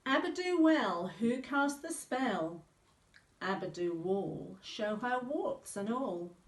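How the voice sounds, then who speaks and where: A woman's voice: fairly high pitch, lively intonation, normal speed, a little mellow, natural voice. A woman voicing a grave old male wizard who chants spells solemnly, recorded in an echoey room from some distance. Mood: chanting.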